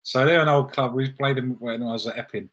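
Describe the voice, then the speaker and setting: A man's voice: medium pitch, fairly even intonation, brisk, fairly bright tone, husky, dull audio. A man, a football manager guest in casual chat, telling stories animatedly and laughing often.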